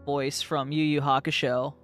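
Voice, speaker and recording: A man's voice: fairly high pitch, level tone, normal speed, fairly bright tone, faint music behind. A man chatting with fellow tabletop players, laid-back and profane, laughing often. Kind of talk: casual chat between players.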